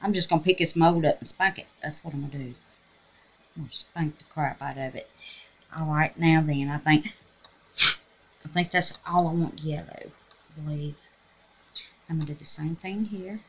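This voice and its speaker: She's a middle-aged host of a resin craft channel, talking chattily to herself and her viewers as she demonstrates her work. Her deep, slightly rough voice moves at a normal speed with frequent pauses, and the recording is rough.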